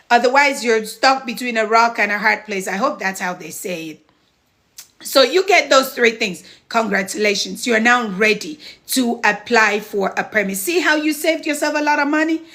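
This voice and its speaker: A woman's voice: a little high, pushed and bright. A middle-aged woman mentoring on a live stream, chatty and encouraging, stopping to thank viewers as she walks through steps. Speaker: home care business mentor. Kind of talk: live-stream advice chat.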